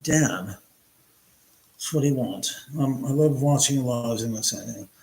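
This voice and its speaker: A man chats loosely with his livestream viewers, rambling and trading crude jokes. His voice sits at an ordinary middle pitch. He talks in an echoey room in a house. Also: takes it slowly, gravelly, a little mellow. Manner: rambling, joking, crude banter. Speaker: livestream host. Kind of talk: casual livestream chat with viewers.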